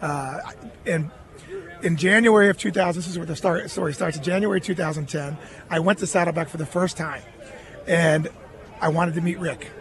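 A middle-aged man with a notably high-pitched speaking voice tells a long personal story as a radio guest. He is earnest, recounting conversations and quoting others without changing his voice. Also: moderate pace, a faint crowd. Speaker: guest, former baseball catcher.

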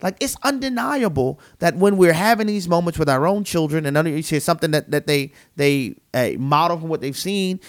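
A man's voice: a little high, expressive, a little fast, few pauses. A man co-hosting a Christian talk show, speaking in an earnest, emphatic, preacherly way. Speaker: co-host. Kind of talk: Christian podcast conversation, preaching manner.

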